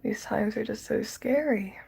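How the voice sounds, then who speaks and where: A woman's voice: medium pitch, a little slow, creaky, a little mellow, husky. A woman crying as she vents in a vlog, sighing and dropping into whispers. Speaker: vlogger. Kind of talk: emotional vlog rant.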